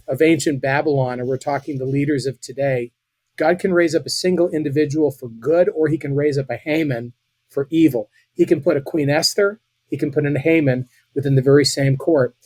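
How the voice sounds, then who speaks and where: Impassioned man with a husky voice. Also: medium pitch, a little mellow, dry recording. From United States. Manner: earnest, impassioned, with frequent restarts. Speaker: podcast guest. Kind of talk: political commentary in a podcast conversation.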